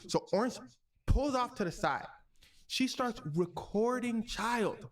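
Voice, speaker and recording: A man's voice: extremely high pitch, animated, takes it slowly. A young man, a streamer host, casually retelling a true story with slangy, jokey commentary.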